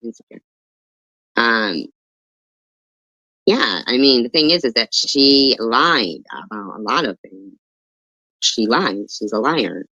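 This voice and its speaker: Low-voiced woman doing reaction commentary, skeptical and dry, dead close mic. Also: lively intonation, slow pace, pauses often, pushed and bright, no echo, dull audio. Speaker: commentary channel host.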